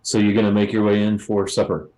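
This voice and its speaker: Low, mellow male game master who narrates unhurriedly. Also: fast, low-quality recording. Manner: relaxed with many uhs and ums.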